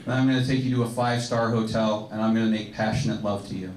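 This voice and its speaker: A man voicing an eager married golfer in a stand-up joke, casual and a bit hushed, in an echoey club heard from far off. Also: lowish voice, fairly even intonation, fast, a little hiss or hum, pitched below the performer's own voice, lightly acted.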